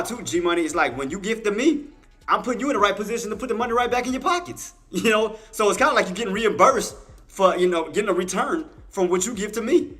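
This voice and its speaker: A man's voice: high-pitched, pushed and bright. A man hosting a live day-trading stream, talking emphatically to his chat and repeating himself, at times getting emotional as he thanks viewers. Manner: turns tearful and heartfelt thanking viewers. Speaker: livestream day-trading host. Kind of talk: live market commentary to chat.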